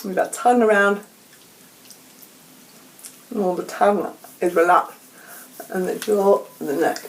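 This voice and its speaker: A woman leading vocal warm-up exercises in a gentle, encouraging, unhurried way. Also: mid-range voice, steady tone, poor audio. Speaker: vocal coach. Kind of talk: casual instructional talk. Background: keyboard playing.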